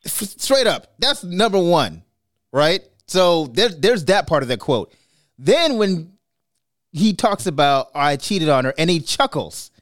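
Male co-host, high and lively, quick laugh, salty language, dry booth. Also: no echo. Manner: animated, laughs often, swears freely. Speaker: podcast co-host. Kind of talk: casual chat.

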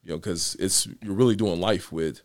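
A county court judge with a low male voice chats casually on a podcast at a moderate pace, rambling at length with many restarts and "you know" fillers. The recording is dry and of studio quality.

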